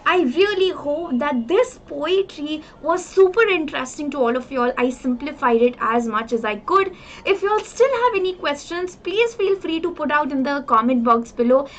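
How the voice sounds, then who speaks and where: A woman's voice: high-pitched, animated, normal speed, dull audio, slight background noise. A young woman with an Indian English accent, explaining a poem in a lesson, earnestly repeating and paraphrasing each line. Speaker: teacher.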